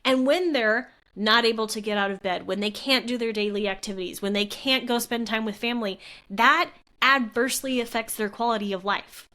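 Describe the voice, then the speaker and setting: A woman's voice: on the high side, fairly quick, pushed and bright. Earnest woman podcast host. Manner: earnest, heartfelt, conversational with frequent fillers. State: tearful at moments. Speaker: physical therapist and podcast host. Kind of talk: solo podcast talk.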